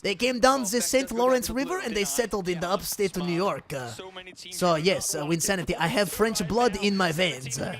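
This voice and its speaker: A man's voice: high-pitched, moderate pace, music in the background. A man hosting a live-stream watch party of an esports match from his home studio, joking and swearing in a loose casual way. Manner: jokey, swears, tries silly accents.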